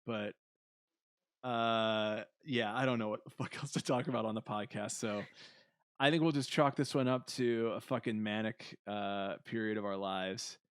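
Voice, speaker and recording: A man's voice: lowish voice, normal speed, clean tone, no room sound, clean studio sound. A young man co-hosting a casual podcast, telling awkward stories on himself with lots of laughing and swearing. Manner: self-mocking, laughing, swearing storyteller. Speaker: podcast co-host.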